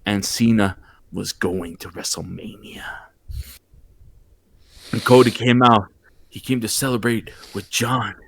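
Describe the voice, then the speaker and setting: A man's voice: on the low side, measured pace, creaky, long pauses, slightly rough. A man hosting a casual podcast, animatedly retelling a wrestling show and stumbling over restarts as he goes. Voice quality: animated storyteller, frequent restarts. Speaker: podcast host. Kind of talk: excited wrestling recap, casual chat.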